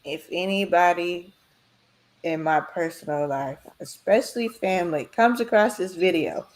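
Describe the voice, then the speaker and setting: A woman with a lower-than-usual voice, chatting with friends on a sports podcast. She is outspoken and teasing, jumping in quickly with opinions and jokes. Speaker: podcast co-host. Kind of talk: casual sports chat.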